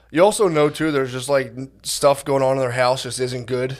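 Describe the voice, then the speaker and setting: Young man, mid-pitched voice, podcast co-host, relaxed, swears, laughs along. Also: measured pace. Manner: laid-back, profane, laughs along. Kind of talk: casual chat.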